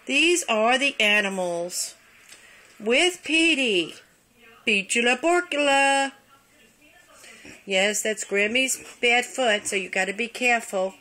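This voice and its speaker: An older woman filming her cats at home on a phone, cooing to them in high baby talk. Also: animated, slow pace, pauses often, sharp tone. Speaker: grandmother filming pets. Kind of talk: casual home video with cats. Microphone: phone camera.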